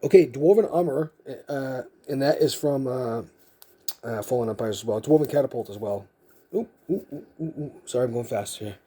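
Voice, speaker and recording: Husky, mellow-voiced man musing aloud. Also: medium pitch, normal speed. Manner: thinks aloud, rambling and self-mocking. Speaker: card collector vlogger. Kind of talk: casual unscripted commentary.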